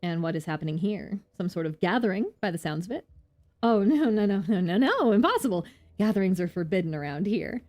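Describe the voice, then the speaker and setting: A woman voicing a nervous, officious gatekeeper in a raised, quick voice. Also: medium pitch, sing-song, a little mellow, natural voice. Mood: fussy.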